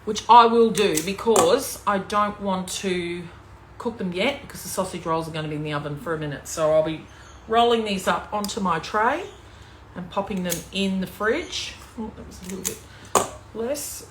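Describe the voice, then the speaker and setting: This Australian woman speaks at a moderate pace in a mid-range voice, with reverb and slight background noise. A cooking demonstrator and team leader, she chats with her live stream audience while preparing food in her home kitchen.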